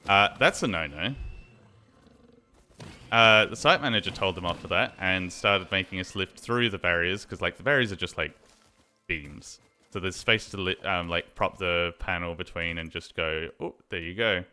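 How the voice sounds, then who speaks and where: Young aussie bloke rambling while he games, deep voice but crisp and clear, swears a lot. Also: moderate pace, sharp tone. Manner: rambling storyteller, swears freely, many fillers. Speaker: streamer. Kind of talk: casual chat while gaming.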